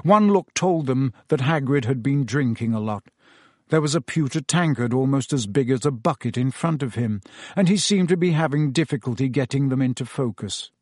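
A man narrating a story aloud in a steady, even audiobook reading. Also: medium pitch, moderate pace, no room sound, clean studio sound.

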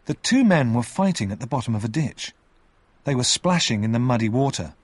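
A man reading a story aloud with expressive narration. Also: mid-range voice, fairly quick, breathy edge, dry recording.

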